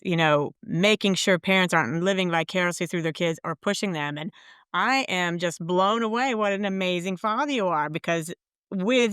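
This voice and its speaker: A woman's voice: lowish voice, fairly bright tone, smooth, no echo, studio quality. A woman hosting a podcast interview, talking in an effusive, encouraging way. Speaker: podcast host. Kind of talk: conversational interview.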